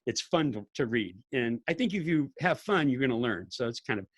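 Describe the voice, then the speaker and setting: An older man, a podcast guest telling stories in an animated way, laughing and acting out what people said. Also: mid-range voice, a little fast, no room sound. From California. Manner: animated storyteller, laughs often, acts out quotes. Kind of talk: casual storytelling interview.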